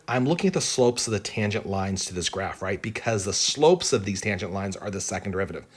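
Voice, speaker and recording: A man teaching an exam-prep calculus lesson, thinking aloud as he works through the problem and often checking in with "right?". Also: medium pitch. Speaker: math teacher.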